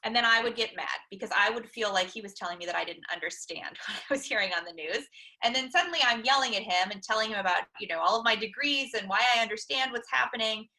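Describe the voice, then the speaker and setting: Bright-voiced woman giving a counseling talk. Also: a little high, poor audio. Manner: personal examples, frequent "um" pauses. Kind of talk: conversational webinar lecture.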